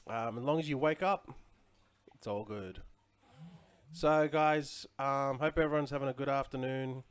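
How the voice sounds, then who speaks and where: A man's voice: medium pitch, steady tone, measured pace, clean tone. Rambling forties man hosting a livestream. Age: 40s. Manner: rambling, filler-heavy, greets chat viewers. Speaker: crypto livestream host. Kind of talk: casual livestream chat. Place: home in Chiang Mai.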